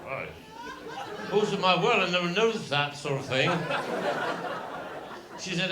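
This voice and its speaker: Cornish man, high voice, rambling and repetitive, live stage storytelling, roomy hall. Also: expressive, a little slow, long pauses, a crowd in the background. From Cornwall, England. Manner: rambling, repetitive, folksy asides. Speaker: comedian. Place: live comedy venue with audience. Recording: echoey live venue with audience noise.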